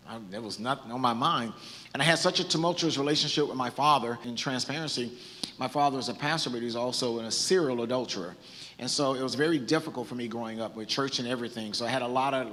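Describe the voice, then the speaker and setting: Preaching earnestly and conversationally, a Southern California bishop keeps restarting his sentences from the church stage. His mid-range voice has a fairly bright tone, and the hall carries a long reverb.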